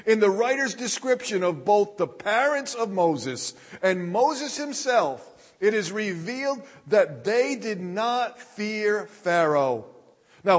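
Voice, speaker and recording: A man preaching a sermon as a pastor, delivering it deliberately and reading scripture passages aloud. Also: sits high, breathy edge. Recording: long hall reverb.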